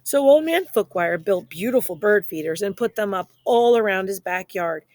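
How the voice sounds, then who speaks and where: A woman reading a children's picture book aloud in a playful, expressive way, speaking straight to young listeners. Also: medium pitch, moderate pace, no room sound. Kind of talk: children's story read-aloud.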